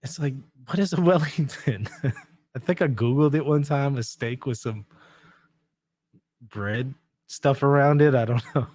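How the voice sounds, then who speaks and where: A man hosting a livestream, reading out viewer comments in relaxed, self-mocking chat and laughing often. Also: medium pitch, unhurried, pauses often, dry recording. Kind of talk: casual chat.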